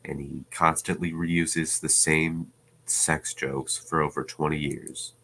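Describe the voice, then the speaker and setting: A man's voice: very deep voice, level tone, takes it slowly, creaky, bright, forceful tone. A man hosting reaction commentary, speaking in a scornful, dismissive way. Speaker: channel host.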